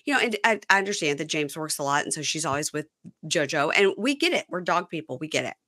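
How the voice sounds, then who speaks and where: Animated woman with a bright voice. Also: low-pitched, fast talker. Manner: animated, acts out the cast's lines in quoted voices. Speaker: podcast host. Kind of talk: casual chat recapping a reality show.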